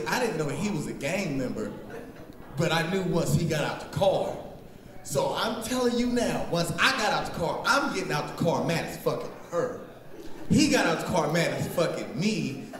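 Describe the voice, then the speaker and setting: Open-mic comic from Middletown, Ohio; high, jumpy delivery, profane, shouts at the room; roomy, distant phone recording. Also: male voice. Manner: profane, animated storytelling with shouted asides to the crowd. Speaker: stand-up comedian. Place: small bar at an open-mic night. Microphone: phone set down near the stage. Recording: roomy bar recorded from far off, faint noise.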